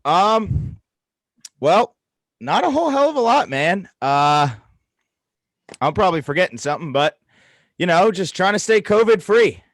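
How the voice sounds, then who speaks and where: A man's voice: high voice, big pitch swings, measured pace, long pauses, no echo. A man co-hosting a podcast over a call, easygoing and rambling with fillers and the odd swear. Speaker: podcast co-host, coach. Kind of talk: casual chat over video call. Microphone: video call setup.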